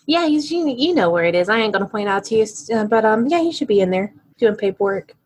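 A woman's voice: medium pitch, animated, quick pace, slightly rough. A woman voicing a chatty clerk at a police station front desk, rambling with lots of fillers.

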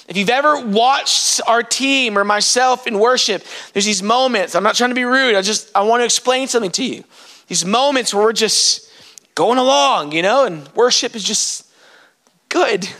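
A man preaching an impassioned sermon, breaking into sudden shouts. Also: extremely high pitch. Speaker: pastor.

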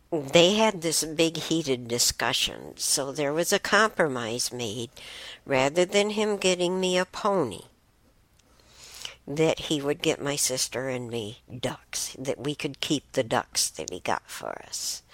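Woman host telling stories in a relaxed chatty way; deep for her sex, unhurried delivery. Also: no echo. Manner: unhurried, chatty, with many restarts and fillers. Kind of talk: casual storytelling.

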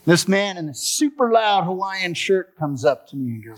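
A man's voice: high voice, sing-song, moderate pace. A man giving a personal recovery testimony, telling his story expressively and acting out the dialogue. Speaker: testimony speaker.

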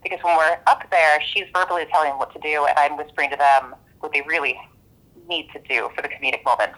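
A woman's voice: low voice, fairly even intonation, fast, a bit bright, rough recording. A woman comedy performer chatting in an interview, jumping in with many ums. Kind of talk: casual interview chat.

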